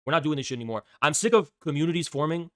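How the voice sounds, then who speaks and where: A man's voice: a little high, animated, racing, fairly bright tone. A man livestreaming, talking in a heated, profane rant to his chat. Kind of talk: ranting livestream talk.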